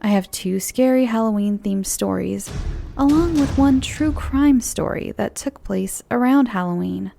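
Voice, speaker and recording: Soft-spoken American woman with a gravelly, mellow voice. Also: a little high, lively intonation, unhurried. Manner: soft-spoken, friendly, drops into whispers. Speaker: host and storyteller. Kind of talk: calm horror story narration.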